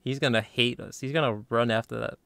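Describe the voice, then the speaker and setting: Male streamer with a gravelly, dry close sound, mocking the characters, laughing a lot. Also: mid-range voice, steady tone, brisk, a bit bright, no echo. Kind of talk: gameplay commentary.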